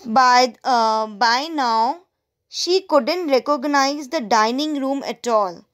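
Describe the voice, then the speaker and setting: A woman's voice: high-pitched, slow pace, fairly bright tone. A woman teacher reading a story aloud to students, stopping to explain words and ask them questions. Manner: explains word meanings to students; asks the listeners questions.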